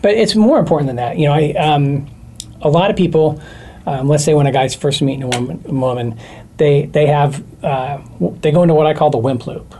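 Mellow-voiced man explaining communication tips. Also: fairly high pitch, a little fast, a little hiss or hum. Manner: explanatory, animated, with fillers. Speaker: communication expert guest. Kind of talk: casual chat.

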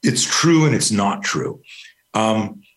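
Low-voiced middle-aged man telling stories. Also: expressive, slow pace, a bit bright. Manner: rambling, anecdotal, casual swearing. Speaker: guest, fear management expert. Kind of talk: storytelling interview.

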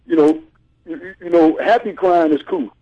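Emphatic former college player, dull radio sound. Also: male voice, a little high, normal speed. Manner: emphatic, folksy, repeats his point. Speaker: guest, former college athlete. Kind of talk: casual radio sports chat.

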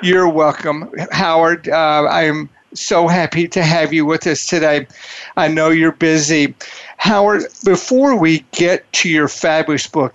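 A man hosting a radio talk show, with an effusive manner and slow, emphatic phrasing. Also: fairly high pitch, a bit bright, dry recording, dull audio. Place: studio in a large city.

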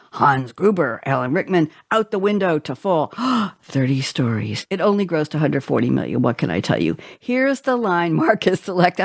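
A woman's voice: mid-range voice, no room sound, clean studio sound. A woman hosting a radio talk show, chatty and digressive as she introduces her guests.

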